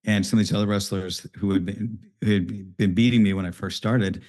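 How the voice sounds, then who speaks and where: A man's voice: on the low side, fairly even intonation, brisk, darkish tone. A man hosting a podcast, telling a story casually and loosely. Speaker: podcast host. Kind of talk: conversational interview.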